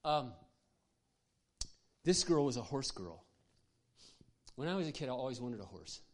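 A man's voice: medium pitch, very animated, measured pace. Impassioned older male pastor telling stories. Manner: impassioned, conversational, with asides to the audience. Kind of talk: sermon storytelling.

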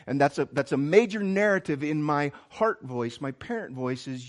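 A man preaching a sermon as a pastor, earnest, swinging from emphatic lines to hushed, quiet ones. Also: on the high side, normal speed, hardly any pauses.

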